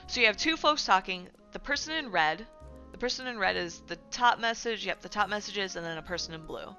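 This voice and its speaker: A woman streaming, talking in a bright, forward voice that rambles with constant fillers and quick self-corrections. She sounds casual and chatty. Faint music plays softly behind her. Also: medium pitch. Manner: animated and indignant when recounting drama. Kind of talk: casual livestream chat about community news.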